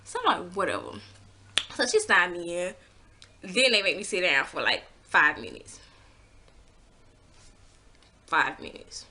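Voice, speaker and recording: A young woman in her twenties telling a storytime to camera, casual and blunt, acting out her own past lines with big swings in pitch. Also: wildly swooping pitch, a little slow, long pauses, pushed and bright. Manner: blunt, swears freely. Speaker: vlogger.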